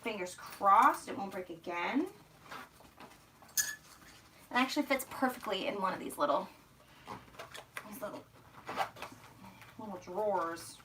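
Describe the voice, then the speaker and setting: A young woman from outside Philadelphia with a slight Philly accent, chatting casually and rambling on a livestream while she packs, a little hoarse. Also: medium pitch, lively intonation, unhurried, pauses often, noisy background. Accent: Philadelphia area. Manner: chatty, rambling, self-mocking. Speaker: vlogger.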